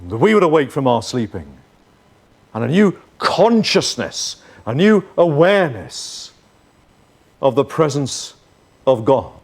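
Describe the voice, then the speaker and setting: A man preaching a sermon as pastor, earnest, moving between forceful lines and hushed ones. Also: medium pitch, very animated, a little slow, long pauses.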